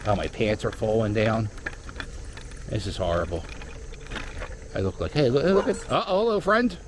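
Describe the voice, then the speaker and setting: Unhurried yet very animated, a man with a lowish voice rambles wryly while scooting through a park, slipping in storytelling asides as casual commentary. Background noise is present.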